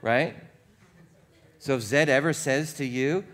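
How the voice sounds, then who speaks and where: A man's voice: mid-range voice, unhurried, pauses often, a bit bright. A male pastor preaching a sermon in a conversational, self-deprecating way, using playful repetition and humor. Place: church sanctuary.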